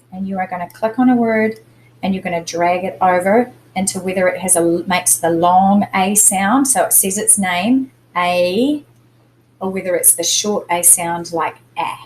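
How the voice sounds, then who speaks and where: A woman teacher of middle age walks students through a spelling lesson at a calm, patient pace. She explains step by step and leans on the stressed syllables. A faint hiss of noise sits under her voice. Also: mid-range voice, poor audio.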